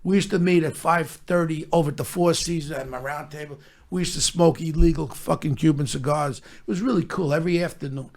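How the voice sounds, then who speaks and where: A man's voice: a little high, fairly quick, a little mellow. An older man, telling brash, profanity-filled stories and acting out other people's lines. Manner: brash, swears constantly, acts out other people's voices. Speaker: podcast host telling stories. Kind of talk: profane storytelling chat.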